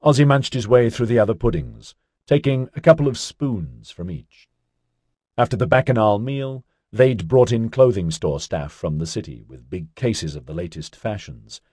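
A man narrating an audiobook in a steady storytelling manner. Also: on the low side, normal speed, breathy edge, dry recording, clean studio sound. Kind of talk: scripted narration.

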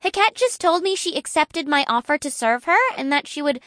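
A woman voicing an excitable young woman scientist, high bright voice, audiobook character, eager questioning, dry close sound. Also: fairly quick, dry recording. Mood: wondering.

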